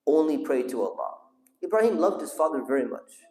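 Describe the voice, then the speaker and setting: A man's voice: on the high side, big pitch swings, fairly quick, warm tone. Man teaching a class in an echoey hall. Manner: asks the audience questions and calls on listeners. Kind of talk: storytelling religious lesson with audience questions. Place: mosque hall.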